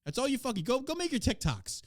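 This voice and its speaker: A man's voice: very high voice, sing-song, quick pace, dry recording, studio quality. A man hosting a podcast in casual chat, brash, profane and mocking as he reacts to the news and to his chat. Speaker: podcast host.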